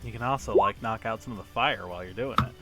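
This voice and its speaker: A man's voice: lowish voice, fast talker, loud music behind the voice. A man playing a tabletop game, easygoing and matter-of-fact. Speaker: player. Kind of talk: casual tabletop play.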